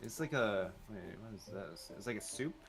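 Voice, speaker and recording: A man's voice: fairly low pitch, animated, moderate pace, music in the background. A man from Canada chatting casually as a streamer, hesitant and often searching for words. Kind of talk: casual chat.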